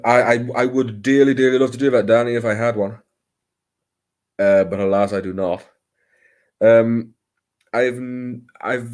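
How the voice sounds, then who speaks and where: Man, low voice, livestream host, rambling, self-deprecating, lots of pauses, home computer mic. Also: darkish tone. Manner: rambling, self-deprecating, hesitant with many fillers. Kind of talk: casual livestream chat.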